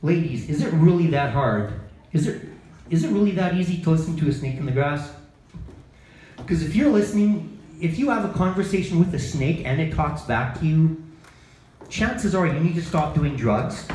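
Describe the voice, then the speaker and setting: A man's voice: on the high side, darkish tone. Self-deprecating stand-up man, echoey bar. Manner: self-deprecating, asks the crowd questions. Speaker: open mic comedian. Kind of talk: stand-up set, then interview answers. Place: bar comedy night. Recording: echoey bar room, faint ambience.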